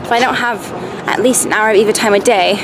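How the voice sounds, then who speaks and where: A woman's voice: medium pitch, steady tone, fast, crowd noise. A young woman in her twenties, a stage performer chatting casually and self-mockingly in a vlog.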